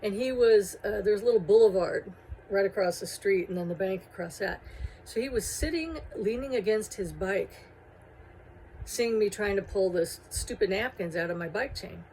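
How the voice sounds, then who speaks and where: A woman's voice: medium pitch, normal speed, slight background noise, poor audio. Amused woman telling a hometown story. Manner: animated, amused, with laughing asides. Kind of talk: casual personal storytelling.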